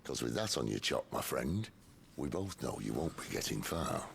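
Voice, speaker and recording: An actor playing a wry middle-aged outlaw leader in a video game, easygoing and dry. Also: male voice, a bass voice, big pitch swings, normal speed, creaky, slight background noise, heavily acted. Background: game music.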